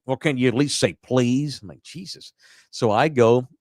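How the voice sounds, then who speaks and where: A man's voice: medium pitch, brisk, dry recording, clean studio sound. A man, co-hosting a podcast and telling stories with lots of cursing and acted-out quotes. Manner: animated storytelling, acting out quotes, profane. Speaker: podcast co-host. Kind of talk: casual chat.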